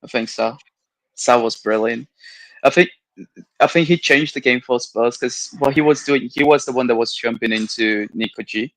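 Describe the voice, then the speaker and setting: A man's voice: medium pitch, normal speed, fairly bright tone, no echo, rough recording. A man co-hosting a football chat stream, breaking down plays in an analytical way. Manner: analytical, interjecting. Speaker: co-host.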